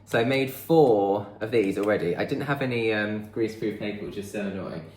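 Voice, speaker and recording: A man's voice: lowish voice, fairly quick, roomy sound, noisy background. Chatty man baking at home. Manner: chatty, rambling, thinks aloud while baking. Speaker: vlogger. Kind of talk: casual chat. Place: home kitchen.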